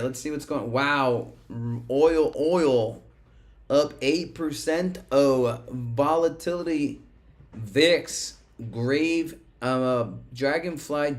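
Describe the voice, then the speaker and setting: A man hosting a live market stream, rambling through casual commentary with swearing. His voice sits at an ordinary middle pitch. He drifts between chanted lines and quiet muttering as he watches charts. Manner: chants rap lyrics between loose profane trading talk. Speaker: livestream trader host.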